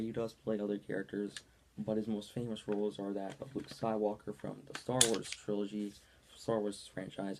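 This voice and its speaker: A man's voice: lowish voice, vocal fry, darkish tone, slight background noise. A young man giving a casual movie review in a rambling style, full of ums and likes.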